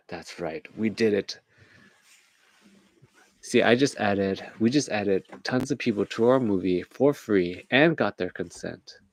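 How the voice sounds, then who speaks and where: A man hosts a late-night casual rant, rambling, laughing at his own jokes and acting out little voices. His voice is on the low side and gravelly, with no echo.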